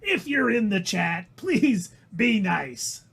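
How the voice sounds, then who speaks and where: A man putting on a shrill, grating impression of a middle-aged male comedian, whining and drawn out, while co-hosting a livestream chat. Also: sing-song, fairly bright tone, full character voice. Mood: mocking. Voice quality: screechy, raspy and strained. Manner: exaggerated comic whine, drawn-out delivery. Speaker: co-host.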